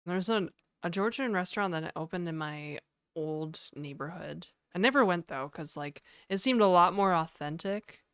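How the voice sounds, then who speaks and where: A woman's voice: lowish voice, moderate pace, fairly bright tone, clean tone, no room sound, studio quality. A woman livestreaming from home, casually chatting and reading her chat aloud with easy laughs. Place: home in Toronto.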